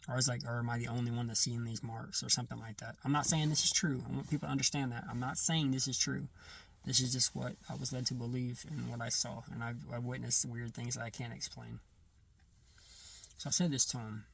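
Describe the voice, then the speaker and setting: A man recounting a personal testimony in casual first-person storytelling, halting and often restarting or correcting himself mid-sentence. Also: medium pitch, flat delivery, vocal fry, a bit bright, recorded from a distance, slight background noise.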